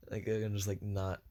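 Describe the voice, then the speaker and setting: Slow, low-voiced man rambling through a story. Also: a bit bright, breathy edge, dry recording. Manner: hesitant, many fillers and self-corrections. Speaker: fan storyteller. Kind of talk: casual rambling retelling.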